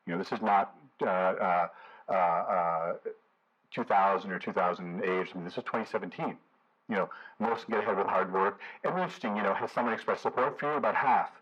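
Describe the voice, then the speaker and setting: A man's voice: low-pitched, a little fast, slightly rough, highs cut off. A man lecturing to a community audience as a professor, in a conversational way, with frequent "you know" and hesitant fillers.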